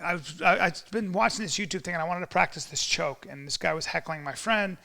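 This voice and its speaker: A man, a comedian guest on a podcast, telling animated stories in a boastful, excitable way and swearing often. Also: high-pitched, a little fast, creaky. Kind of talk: animated storytelling chat.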